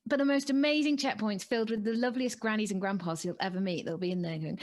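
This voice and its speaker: A woman's voice: mid-range voice, quick pace, hardly any pauses. Woman, podcast co-host, casual chatty manner, mid-range voice. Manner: chatty, animated and laughing. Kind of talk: casual chat.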